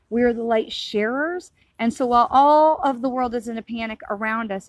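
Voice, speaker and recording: A woman's voice: a little high, no room sound. A middle-aged woman, a psychic medium, talking casually and earnestly in a rambling, reassuring way about spiritual matters. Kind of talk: casual spiritual talk to camera.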